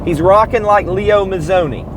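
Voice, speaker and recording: A man's voice: sits high, moderate pace, noisy background. A man hosting a podcast, talking in a casual, mocking monologue and acting out sounds and chants as he goes. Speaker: podcast host.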